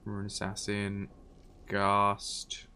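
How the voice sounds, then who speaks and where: A man's voice: lowish voice, completely flat delivery, very slow, sharp tone, clean tone. A man, chatting casually on a live game stream, thinking aloud and reading out viewer messages.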